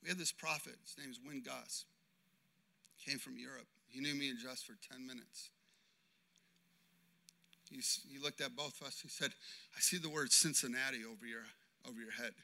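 A man preaching a sermon as pastor, impassioned and swinging between loud declarations and hushed storytelling. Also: mid-range voice, steady tone, moderate pace, gravelly, pauses often.

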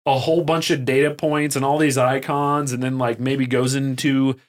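A man talking as a podcast guest in a casual, energetic way, full of fillers and restarts. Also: mid-range voice, normal speed. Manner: energetic and excitable, heavy use of "like" and fillers. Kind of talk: casual conversational storytelling.

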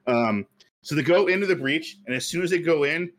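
A man hosting a podcast, pitching a story in casual chat, rambling and laughing at himself. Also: brisk, a bit bright. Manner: rambling, many fillers and self-amused laughs. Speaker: podcast host pitching a movie idea.

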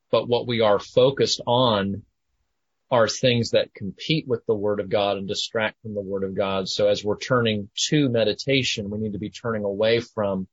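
A man hosting a conversation, measured and steady, with occasional stammered restarts. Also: fairly low pitch, husky, dry recording, highs cut off. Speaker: host. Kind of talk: conversational interview.

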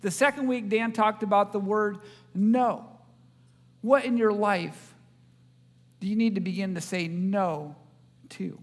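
High-voiced man preaching in a hall. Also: measured pace, pauses often. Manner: joking, audience-engaging preacher. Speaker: pastor. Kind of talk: sermon. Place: church.

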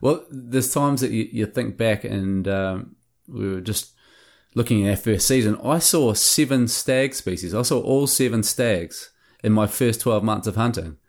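A man, a hunting show producer telling lively hunting stories in a casual interview. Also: on the low side, measured pace. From New Zealand. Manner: animated anecdotes with acted-out quotes.

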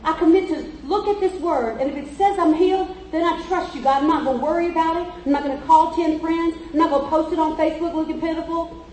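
A woman's voice: extremely high pitch, fairly even intonation, fast, darkish tone. A woman preacher giving an emphatic, repetitive sermon, telling stories and driving points home in a church. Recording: echoey church from far off.

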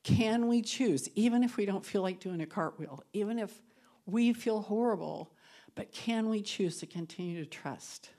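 In a mid-range voice at normal speed, a woman leading a women's Bible study offers an earnest, chatty devotional that ends in prayer. She gets emotional at moments, tearful and laughing through tears, with her volume shifting from soft to loud.

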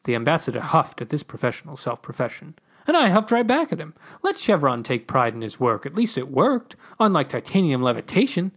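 A man reading his own comic story aloud with exclamations and character voices. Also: a little fast. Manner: animated, exclaiming, pitch leaps on quoted lines.

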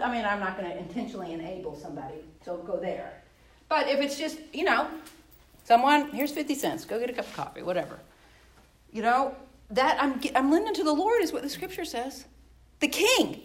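A woman's voice: sits high, low-quality recording. A woman leading a Bible study class in a conversational way, spelling words out and restarting her sentences. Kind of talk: casual teaching talk.

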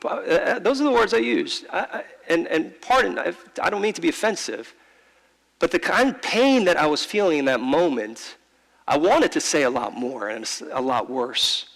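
A man preaching a sermon, telling a personal story in a heartfelt, halting way, often repeating words and slowing down for emphasis. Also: on the high side, lively intonation, creaky, fairly bright tone, in a large hall, low-quality recording. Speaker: pastor. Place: large church.

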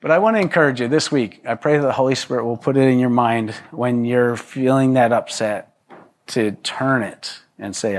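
A man's voice: mid-range voice, normal speed. A man preaching to a congregation in a loose, conversational way, with joking asides and frequent restarts. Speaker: pastor. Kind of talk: conversational sermon.

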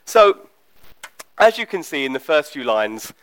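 A man's voice: medium pitch, big pitch swings, brisk, rough recording. A man preaching a teaching sermon in a conversational, explanatory way, often checking in with the listeners.

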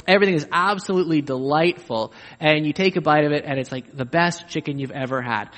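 A man delivers a sermon with a somewhat high voice that rises and falls as he acts out quoted voices. He mixes humorous asides into the preaching. His words ring out with a long reverb, as in a big hall. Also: fast talker, hardly any pauses, fairly bright tone. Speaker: pastor.

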